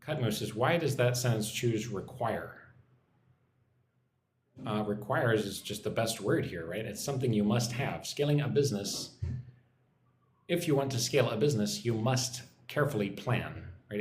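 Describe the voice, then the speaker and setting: A man teaching English on a live stream, his pitch rising and falling a lot as he explains each sentence. He repeats key words and keeps checking in with "right?". The room gives his voice a clear echo. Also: lively intonation, normal speed, slight background noise. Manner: patient, repeats and explains, often asks "right?".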